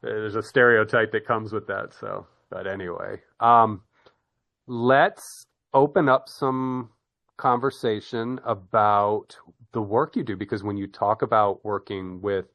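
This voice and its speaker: A man's voice: lowish voice, fairly even intonation, a little slow, vocal fry, fairly bright tone. A man from the United States hosting an interview, chatting loosely with many restarts and frequent laughter. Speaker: podcast host. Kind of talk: casual interview chat.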